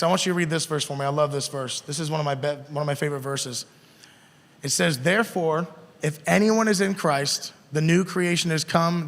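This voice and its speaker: A man's voice: a little high, a bit bright. A man preaching a casual sermon to a youth group, talking conversationally and asking the kids questions. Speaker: youth pastor. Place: youth room. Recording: long hall reverb.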